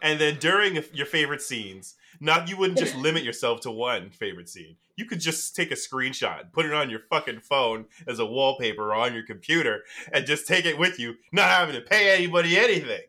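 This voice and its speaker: A man's voice: mid-range voice, a little fast, few pauses. A man co-hosting a podcast in casual chat, making his points emphatically. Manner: emphatic, animated. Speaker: podcast co-host.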